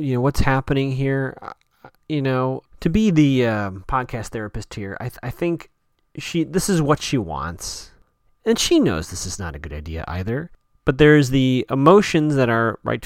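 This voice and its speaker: A man's voice: mid-range voice, no echo, clean studio sound. A man hosting a podcast, casually recapping a TV episode in a rambling, chatty way with lots of fillers and self-corrections.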